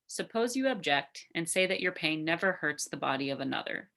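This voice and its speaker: A woman student reading a passage aloud in class, careful and deliberate. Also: sits low, animated, creaky, bright, forceful tone.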